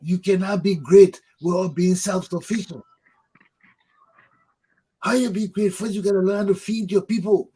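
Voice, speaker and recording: A man's voice: high-pitched, steady tone, moderate pace, pauses often, mellow, husky, rough recording. A man, hosting a talk show, delivering a fervent political monologue that preaches, repeats points for emphasis and swears. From Liberia.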